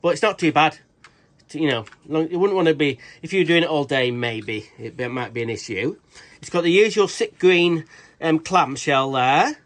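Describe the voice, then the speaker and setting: British male tool reviewer, slightly high voice, rambling, cheeky, swears freely. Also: moderate pace, a bit bright. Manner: rambling, swears a lot, restarts sentences; cheeky, jokey asides. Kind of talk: casual product review vlog.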